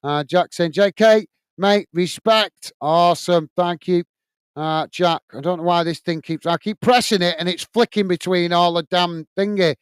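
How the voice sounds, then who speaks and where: Chatty high-voiced English football host. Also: male voice, normal speed, clean tone, dry recording. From England. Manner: chatty, friendly, grumbles at laggy software. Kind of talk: live watch-along chat reading viewer comments.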